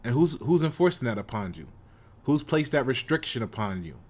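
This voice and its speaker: An American man hosts a confrontational monologue commentary on his channel, lecturing in a medium-pitched, darkish voice. Very animated and a little fast, he repeats himself to drive his points home.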